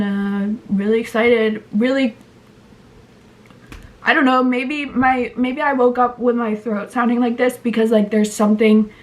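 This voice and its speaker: A woman in her twenties chatting casually to her camera in a vlog, rambling with lots of "like" and restarts while her throat is sore and her voice sounds off. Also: on the high side. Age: 20s. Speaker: vlogger. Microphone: handheld compact camera.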